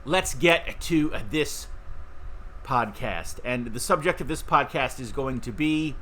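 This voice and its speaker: Middle-aged man, podcast host, bright tone, chatty and rambling, faint background noise. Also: mid-range voice, a little slow. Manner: rambling, chatty, with fillers and restarts. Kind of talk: casual talk to camera.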